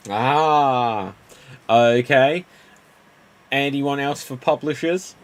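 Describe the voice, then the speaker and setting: Man hosting an improv joke game. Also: mid-range voice. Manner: quick punny joke-telling, calls on players. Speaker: improv show host.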